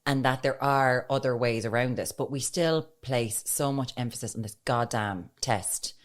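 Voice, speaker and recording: A woman's voice: very deep voice, normal speed. An Irish woman in her thirties, co-hosting a podcast in casual chat with a wry, joking manner. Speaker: podcast co-host.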